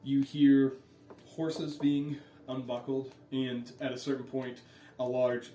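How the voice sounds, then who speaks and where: A man running a tabletop game as game master, narrating in a relaxed way with many fillers. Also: medium pitch, takes it slowly, soft background music. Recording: echoey room, voice from far off.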